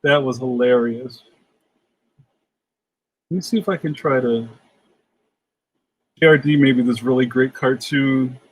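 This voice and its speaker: A man's voice: medium pitch, unhurried, long pauses, slight background noise, low-quality recording. A middle-aged man hosting a casual livestream, reading out chat comments, laughing easily, and saying "yo" a lot. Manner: laughs often, says "yo".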